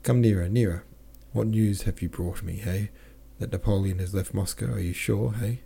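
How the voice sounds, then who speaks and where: An aged, stern field marshal, as a male audiobook reader puts him on, pressing with low, urgent questions. The voice sits deep and mellow. It is an audiobook reading. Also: steady tone, moderate pace, vocal fry, slightly rough.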